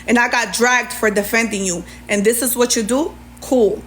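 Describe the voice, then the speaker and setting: A woman's voice: a little high, a little slow, a bit bright, a little hiss or hum. A woman ranting on a livestream, sassy and indignant as she reads out messages and answers back.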